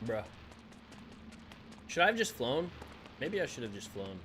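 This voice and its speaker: A man's voice: mid-range voice, sing-song, unhurried, a bit bright, slight background noise. A young man, chatting casually with his viewers while playing a game on a live stream, laughing often and answering chat.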